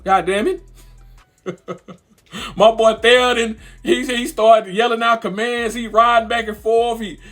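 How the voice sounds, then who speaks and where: A young man giving an animated, slang-heavy fan commentary, repeating lines for emphasis. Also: extremely high pitch, measured pace, pauses often, soft background music. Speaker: vlogger.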